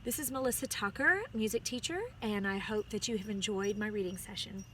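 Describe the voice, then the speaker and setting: A woman, a music teacher, reading a picture book aloud to her students outdoors and pausing to explain words to the children. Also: medium pitch, a bit bright, slight background noise. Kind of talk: storybook read-aloud. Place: outdoors on a chilly day.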